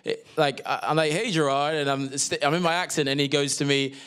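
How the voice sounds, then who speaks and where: A man's voice: on the high side, brisk, smooth. Easygoing young London man telling stories. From England. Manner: relaxed storytelling, lots of slang and fillers. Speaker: actor guest. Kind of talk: casual interview chat.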